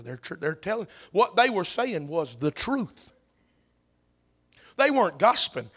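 Man, preacher, high bright voice, animated sermon storytelling. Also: a little slow, breathy edge. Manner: animated storytelling with bursts of shouting and laughter.

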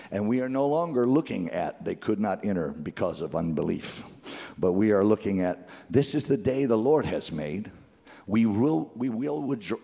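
A male pastor preaching a sermon at a church service, calling out for the congregation to repeat after him and building to fervent shouting. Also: mid-range voice, in a large hall. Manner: exhorting call-and-response with the congregation.

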